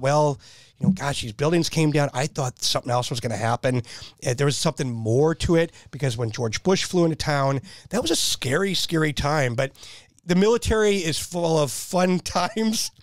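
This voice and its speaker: In studio-quality audio without any echo, a man in his fifties who served in the military chats as a podcast guest. He's an eager, wandering storyteller who says things more than once, speaking in a mid-range voice.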